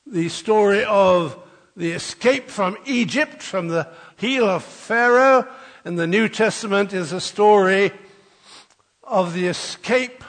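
A man's voice: high voice, fairly bright tone, long reverb tail. An older man preaching an Easter sermon, rousing and leading the congregation in call-and-response.

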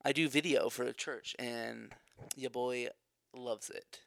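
A man's voice: mid-range voice, fairly even intonation, slow, creaky, dry recording, studio quality. A young man, co-hosting a podcast in a playful, teasing casual chat. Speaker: podcast co-host.

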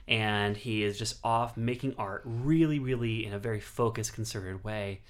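A man's voice: fairly low pitch, normal speed. A man talking as a guest critic, reviewing a film in enthusiastic, rambling casual chat with many restarts.

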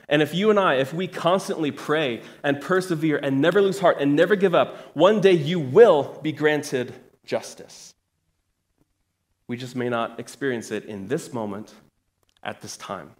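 A man's voice: on the high side, moderate pace. A man in his thirties preaching a sermon to his church, conversational with joking asides and emphatic rises. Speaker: pastor.

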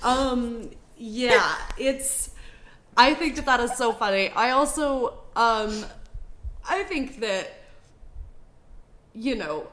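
Slow-talking wry woman co-host. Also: fairly high pitch, animated, fairly bright tone. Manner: unhurried, agreeable, wry jokes. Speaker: podcast co-host. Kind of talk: casual chat recapping a sitcom episode.

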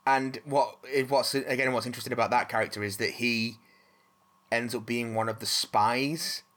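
A man's voice: mid-range voice, fairly even intonation, moderate pace, a bit bright. A man hosting a casual chat, rambling with restarts and casual swearing.

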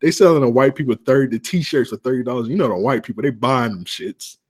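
A man's voice: mid-range voice, fast talker, slightly rough. A man co-hosting a podcast, telling stories in loose slangy casual banter and laughing often. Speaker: podcast co-host.

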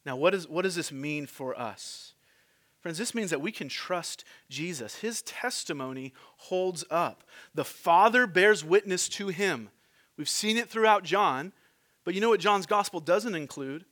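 A man's voice: high voice, animated, unhurried, fairly bright tone. A man preaching a sermon as pastor, conversational and teasing the congregation with asides and questions.

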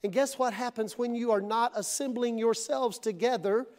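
A middle-aged man preaching a sermon to his congregation in church, dramatic, acting out voices and swinging between loud and hushed. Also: very high voice, fairly even intonation, normal speed. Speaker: pastor.

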